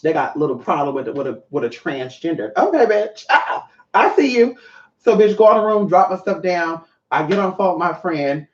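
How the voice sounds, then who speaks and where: A speaker casually telling a story to viewers, lively and profane, acting out the other people's voices. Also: medium pitch, fairly quick, hardly any pauses. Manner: animated, swears often, acts out other voices. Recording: muffled, echoey room.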